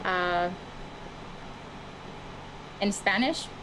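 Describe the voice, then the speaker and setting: A woman's voice: medium pitch, extremely slow, noisy background. A woman teaching an online class, patiently giving instructions.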